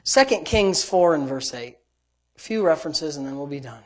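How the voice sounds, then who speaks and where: A middle-aged man, a pastor with a high voice, preaching emphatically and dropping from quiet asides to loud exclamations. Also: expressive, normal speed. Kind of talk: sermon.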